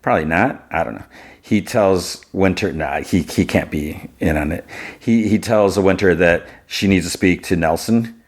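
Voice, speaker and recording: A man's voice: low voice, moderate pace, slightly rough. A man hosting a podcast, casually recapping an episode and thinking aloud as he retells the scenes. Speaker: podcast host.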